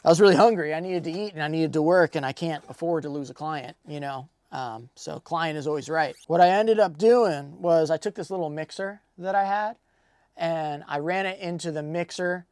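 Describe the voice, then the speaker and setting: A man's voice: on the high side, moderate pace, clear, resonant tone, no room sound. Exasperated man telling a studio story. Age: 30s. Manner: animated, laughing, exasperated storyteller. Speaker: music producer. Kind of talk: casual storytelling vlog.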